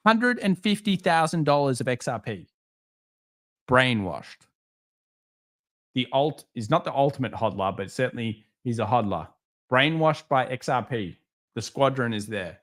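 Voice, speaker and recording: Sarcastic man streaming live. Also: medium pitch. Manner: sarcastic, joking, animated storytelling. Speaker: livestream market commentator. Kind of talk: live stream chat, reading viewer comments.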